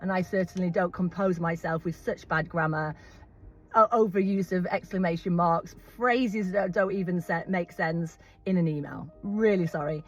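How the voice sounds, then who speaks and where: A woman's voice: lowish voice, steady tone, moderate pace, soft background music. Firm, emphatic middle-aged British woman. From Britain. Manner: firm and emphatic, repeating her points. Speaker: horse owner. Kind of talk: vlog monologue.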